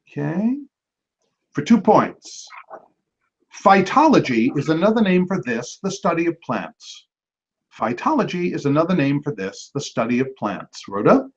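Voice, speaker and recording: Male quiz host, fairly high and very animated, reads each clue twice with slow emphasis, tosses off quick jokes; dull lo-fi sound. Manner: repeats each clue slowly, with quick joking asides. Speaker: trivia quizmaster. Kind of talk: hosting a trivia match, reading clues. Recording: dull lo-fi recording.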